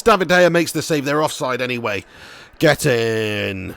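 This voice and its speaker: A man commentating his football game live and reading out chat messages, excitable and swearing. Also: medium pitch, moderate pace, vocal fry, dry recording. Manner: excitable, swears, cheeky banter. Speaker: gaming streamer.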